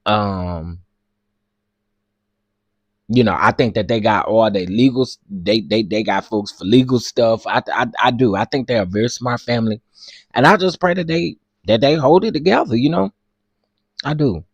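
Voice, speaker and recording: A man's voice: medium pitch, moderate pace, no room sound. A man chatting casually as a show commentator, reading comments aloud and restarting his sentences often. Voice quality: chatty, stammering restarts, giggly. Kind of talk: casual chat.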